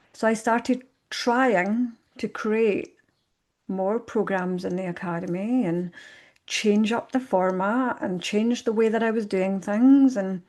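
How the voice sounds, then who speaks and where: A woman guesting on a podcast tells her own story reflectively in conversation, acting out her past thoughts in lively bursts. Her voice sits in the mid range.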